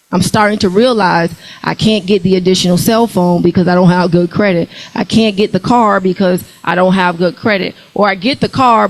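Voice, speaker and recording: Female workshop speaker, young adult, lively preachy delivery working the room. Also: mid-range voice, poor audio. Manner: animated, preachy, calls out to the crowd. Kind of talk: motivational talk to a live audience.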